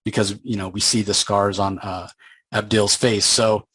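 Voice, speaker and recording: A man's voice: fairly low pitch, little pitch movement, normal speed, a bit bright, breathy edge, no echo, low-quality recording. A man casually recapping a comic book story in a loose, conversational way, with plenty of fillers.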